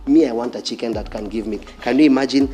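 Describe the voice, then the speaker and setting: A man's voice: medium pitch, quick pace, warm tone, soft background music. A man with a Kenyan accent preaching a fiery sermon, repeating phrases and challenging his listeners directly. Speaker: pastor.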